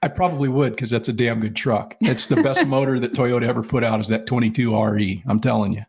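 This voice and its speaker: A man's voice: medium pitch, fast talker, darkish tone, breathy edge. A middle-aged man co-hosting a podcast, rambling through casual stories with lots of swearing and acted-out quotes. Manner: rambling storyteller, profane, acts out quoted people. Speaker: podcast co-host. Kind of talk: casual chat.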